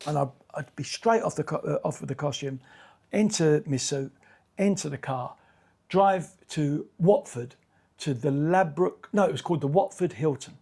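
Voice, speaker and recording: An older man from England, a comedian telling a long anecdote, animated and acting out what people said. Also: a little high, moderate pace, vocal fry, husky. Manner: animated, acts out quotes, restarts and repeats words. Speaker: comedian guest. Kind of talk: anecdotal storytelling.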